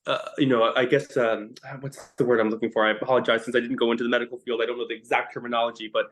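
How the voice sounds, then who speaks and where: A man in a podcast interview, telling stories about his work as a musician. He speaks emotionally, with a halting delivery and frequent restarts. His voice sits in the middle range. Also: medium pitch, little pitch movement, fairly bright tone. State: choked up. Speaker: guest musician, harp teacher.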